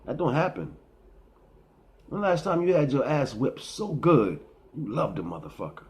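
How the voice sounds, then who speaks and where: Middle aged guy ranting about life lessons, repeats himself a lot, average pitch. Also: big pitch swings, moderate pace, darkish tone. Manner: rambling, preachy, repeats and restarts. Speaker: vlogger. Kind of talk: casual philosophical monologue.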